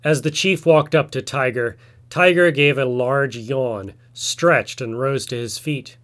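Male storyteller, folk tale, measured, expressive, mid pitch.

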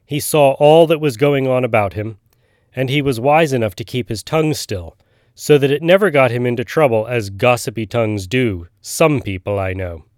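A man voicing a gruff, knowing old male frog who tells a tale in a storybook reading. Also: mid-range voice, normal speed, darkish tone, no echo, clean studio sound, lightly acted. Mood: storytelling.

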